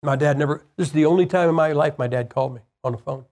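A man's voice: on the high side, fast talker, a little mellow. A man preaching a sermon, telling a personal story in a plain-spoken, conversational way and firing rhetorical questions at the congregation.

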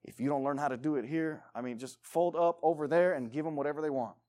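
A man preaching a sermon as pastor, emphatic, swinging between loud urging and quiet pleading. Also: on the high side, fast talker.

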